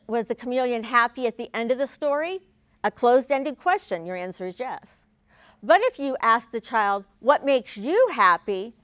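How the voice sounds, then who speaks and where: Woman presenter, slightly high voice, clear and deliberate with stressed key words; dull lo-fi dry recording. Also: a bit bright, no echo. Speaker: presenter of a training video. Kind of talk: instructional talk to educators.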